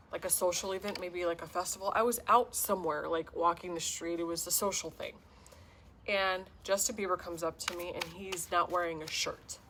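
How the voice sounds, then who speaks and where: Earnest low-voiced woman tarot reader. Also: noisy background. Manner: earnest, heartfelt, rambling. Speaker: tarot reader and self-described healer. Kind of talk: casual spiritual tarot reading to camera.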